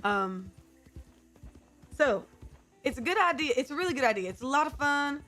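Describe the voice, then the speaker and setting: Woman streamer, casual and rambling, slightly high voice, sustained character accent. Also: animated, normal speed, bright, forceful tone, faint music behind. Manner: holding a put-on character accent, chatty with fillers. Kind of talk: casual chat to stream viewers.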